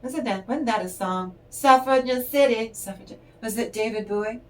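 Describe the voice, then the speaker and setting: An older woman with a medium-pitched voice speaks briskly while giving a tarot reading, chatting and rambling through stories and laughing often. It's casual spiritual talk, and she sounds distant from the mic.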